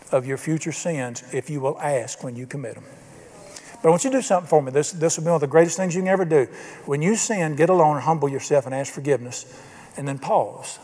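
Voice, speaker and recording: Slightly high with a dark tone, a pastor's voice fills a church sanctuary with the long reverb of a church hall. In his sermon he tells folksy stories, acting out those he quotes.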